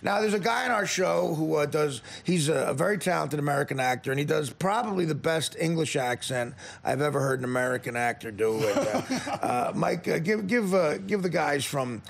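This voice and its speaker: A man's voice: a little high, expressive, fairly quick, creaky, few pauses. A man hosting a casual interview in a studio, rambling and joking with many fillers. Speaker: talk show host. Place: radio studio.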